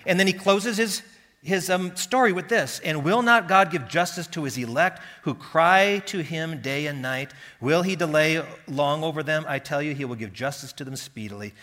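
A male pastor delivers a sermon in a slightly high, bright and forceful voice. His delivery swings between quiet, hushed lines and loud, impassioned pleading. The sound carries a long reverb from the church hall. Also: lively intonation, normal speed.

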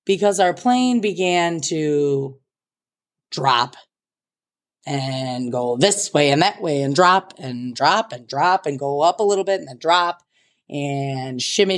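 A woman telling a casual storytime monologue in an animated, dramatic way, swearing freely. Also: deep voice, measured pace.

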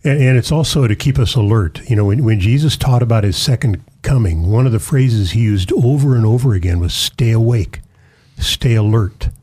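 A man, a pastor, earnestly explaining scripture in a casual discussion, slowing to stress key phrases. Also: mid-range voice, mellow, husky.

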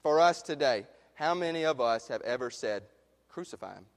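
High-voiced male pastor in a reverberant sanctuary. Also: expressive, normal speed. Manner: passionate, swinging from loud emphasis to hushed questions. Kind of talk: sermon. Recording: long reverb of a large hall.

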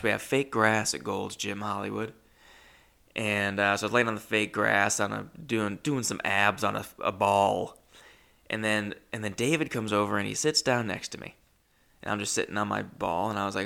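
A man's voice: fairly low pitch, vocal fry, clean tone. A young man hosting a podcast, telling a rambling, self-deprecating story in a casual monologue. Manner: rambling, self-deprecating, jumps between loud and muttered asides. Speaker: podcast host.

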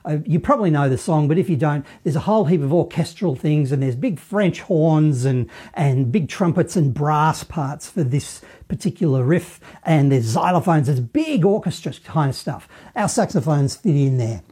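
A man's voice: a little high, lively intonation, moderate pace, hardly any pauses, mellow, breathy edge. A man with an Australian accent teaching saxophone, chatty and encouraging, with some self-deprecating humor. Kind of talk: play-along music lesson.

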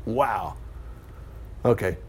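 A Baptist preacher delivers a sermon in a husky, fairly low voice at a very slow pace. He reads scripture aloud with animation, breaking in now and then to comment with asides.

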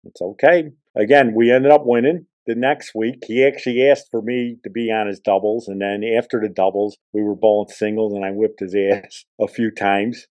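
Male podcast host, casual storyteller; low, dark timbre, dry and dull recording. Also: steady tone, normal speed, few pauses, no echo. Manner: rambling, conversational.

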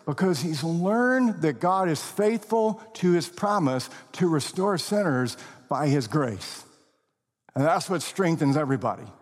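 Slow, lively-pitched preacher in a hall. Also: male voice. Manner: expressive preaching, slow deliberate emphasis, occasional laughs. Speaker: pastor. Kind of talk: sermon.

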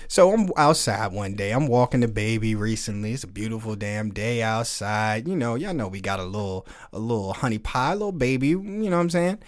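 A man in his forties hosting a casual podcast, telling stories in an animated, profane way and laughing often. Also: lowish voice, a little fast, hardly any pauses. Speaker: podcast host. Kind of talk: casual podcast chat with live chat.

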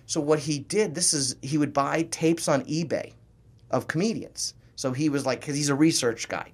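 Animated comedian telling stories in voices. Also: male voice, on the high side, normal speed. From New Orleans, US. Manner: animated storyteller who slips into voices and accents. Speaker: comedian guest. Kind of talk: casual interview chat.

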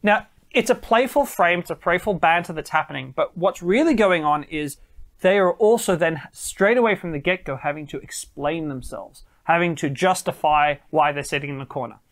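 A man's voice: a little high, moderate pace. A man giving dating advice straight to camera, emphatic and repeating phrases for stress. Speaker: dating coach.

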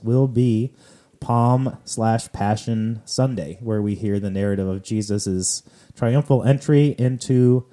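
A California man hosts a church podcast, casually chatting about church readings in a loose, conversational style packed with fillers. His voice sits on the low side and has a warm tone.

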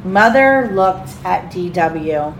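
A mother reading a storybook aloud to her children at home, pausing to ask them questions. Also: fairly low pitch, expressive, roomy sound, a little hiss or hum, low-quality recording. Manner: pauses to quiz the children.

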